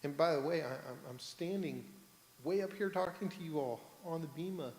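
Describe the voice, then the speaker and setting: A man's voice: a little high, normal speed, darkish tone. A man, a rabbi, giving a storytelling sermon from the bima and asking the congregation questions. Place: synagogue sanctuary, on the bima. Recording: echoey hall, roomy reverb.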